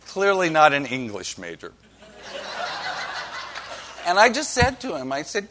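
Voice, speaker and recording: A man's voice: on the high side, very animated, moderate pace, pauses often, fairly bright tone, a little hiss or hum. A male pastor from Oklahoma reading scripture and preaching with folksy, wry humor. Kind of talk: sermon with storytelling.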